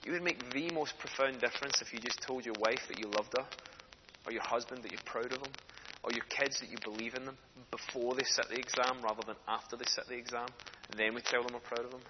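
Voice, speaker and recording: A man's voice: mid-range voice, steady tone, quick pace. A man preaching a sermon, telling stories earnestly and building to passionate emphasis. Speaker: speaker for a children's charity preaching in church. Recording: echoey hall, dull lo-fi sound, faint noise.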